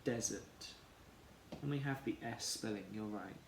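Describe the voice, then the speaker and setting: Male teacher, slow, deliberate sounding-out of words for young learners, echoey room, faint background hum. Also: fairly low pitch, gravelly. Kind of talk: phonics lesson for children.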